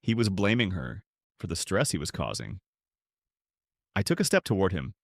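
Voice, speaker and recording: An older man narrates a dramatic story in the first person. His voice sits low but swings widely for emphasis, recorded dry and close to the mic. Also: huge pitch swings, moderate pace, creaky, dry recording.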